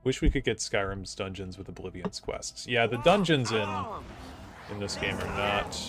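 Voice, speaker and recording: Chatty, low-voiced male streamer. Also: normal speed, music in the background. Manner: rambling, chatty, with fillers and asides. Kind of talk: casual gaming commentary.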